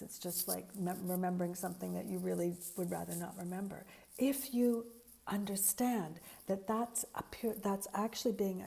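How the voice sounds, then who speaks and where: A woman's voice: mid-range voice, vocal fry, mellow. A woman giving an earnest, reflective spiritual talk, searching for words with frequent fillers and restarts. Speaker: spiritual teacher.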